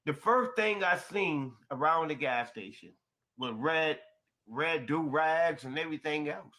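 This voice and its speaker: A man telling a personal story in an emphatic, expressive way, going from quiet to loud. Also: fairly high pitch, a little slow. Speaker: storyteller in a shared video.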